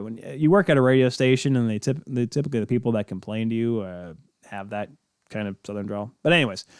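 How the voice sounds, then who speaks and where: A man's voice: medium pitch, no echo, clean studio sound. A male podcast host talking casually about hockey, rambling and joking, correcting himself as he goes. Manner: rambling, self-correcting, jokey. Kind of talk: casual sports talk.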